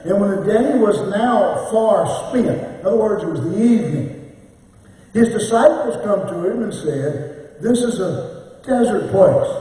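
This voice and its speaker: Pastor, male, mellow and high-pitched, preaching with chanted cadences; distant mic, long church reverb. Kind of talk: sermon. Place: church sanctuary.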